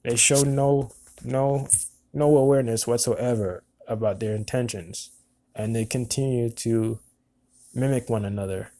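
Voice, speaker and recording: A man in his twenties telling a personal story in a halting, earnest way, often repeating words. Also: medium pitch, steady tone, dark tone. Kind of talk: personal monologue recounting events.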